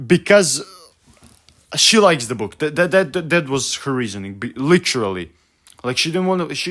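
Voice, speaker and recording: A man's voice: on the high side, expressive, normal speed, a bit bright. A young man ranting about a book he hates, profane and exasperated, stumbling over his words with many fillers. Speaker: vlogger.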